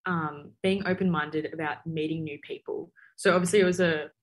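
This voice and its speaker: Husky young Australian woman, rambling. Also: deep voice, fairly even intonation, normal speed. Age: young adult. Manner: rambling, self-conscious, laughing aside. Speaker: guest, paramedic student. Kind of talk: casual interview chat.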